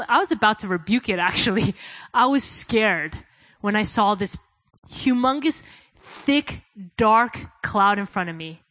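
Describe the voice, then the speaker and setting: A woman preaching a sermon, telling stories in a casual way, dropping soft and low for quoted prayers and rising loud when she urges her listeners. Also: no room sound, rough recording. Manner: addresses listeners as "guys".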